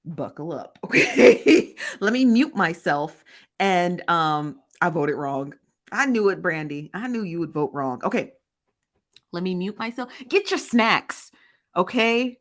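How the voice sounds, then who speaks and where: A woman's voice: fairly low pitch, animated, unhurried, fairly bright tone. A woman hosting a casual livestream, chattily greeting viewers by name and reading their comments aloud. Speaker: livestream host. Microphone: phone.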